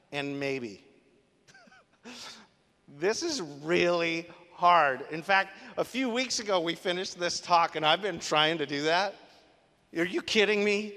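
Guy preaching, kinda high bright voice, lively and emphatic, big echoey hall. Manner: animated, emphatic teaching with rhetorical questions. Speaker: pastor. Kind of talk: sermon. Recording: long reverb of a large hall.

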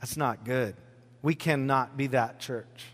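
A pastor preaches a sermon in a church hall, speaking conversationally and joking with his congregation. His voice is medium in pitch and slow-paced, and the hall gives the recording a long reverb.

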